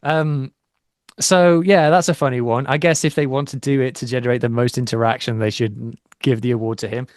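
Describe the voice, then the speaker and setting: A man's voice: medium pitch, steady tone, a little fast, a little mellow, no echo. Chatty man, dry close sound. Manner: chatty, self-deprecating. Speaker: podcast co-host. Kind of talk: casual chat.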